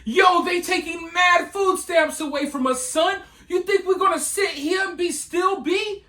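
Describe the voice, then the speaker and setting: A man doing a mocking, shouted impression of a street ranter. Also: extremely high pitch, unhurried, pitched above the performer's own voice, heavily acted. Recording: echoey room.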